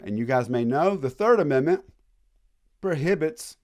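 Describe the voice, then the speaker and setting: A man giving a casual college history lecture in a classroom, joking and acting out quick voices of historical groups. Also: fairly high pitch, animated, a little mellow.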